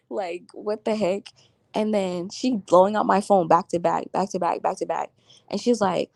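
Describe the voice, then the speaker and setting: A woman's voice: on the low side, fairly even intonation, measured pace, gravelly, dry recording. A woman vlogging at home, telling a story in slangy casual chat and laughing often as she talks. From Florida.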